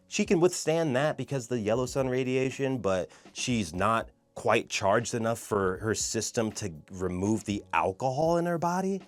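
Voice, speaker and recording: A man's voice: mid-range voice, lively intonation, a little slow, few pauses. A man giving a casual, exasperated film review rant, swearing and acting out scenes. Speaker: movie reviewer.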